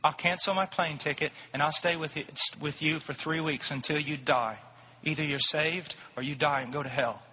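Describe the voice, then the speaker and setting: Male preacher, high bright voice, reverberant hall, passionate storytelling sermon. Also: fairly even intonation, moderate pace, slight background noise. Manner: impassioned storytelling, rising to shouts.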